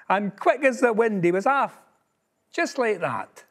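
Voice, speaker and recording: A man with a Scottish accent reading a picture book aloud in Scots, expressive and lilting. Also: high-pitched, measured pace.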